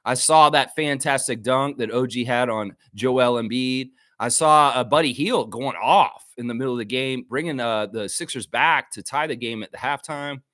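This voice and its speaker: A man's voice: medium pitch, normal speed, hardly any pauses, fairly bright tone, no echo. A man hosting a live basketball fan stream, ranting in a mocking, profane way and reading chat comments aloud. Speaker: host of a fan livestream. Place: friend's home.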